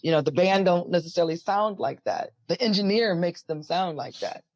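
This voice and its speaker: Guest voice: husky, deep-voiced woman, rambly and filler-heavy, dull dry lo-fi audio. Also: a little fast, dry recording. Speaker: musician guest. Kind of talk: casual interview talk.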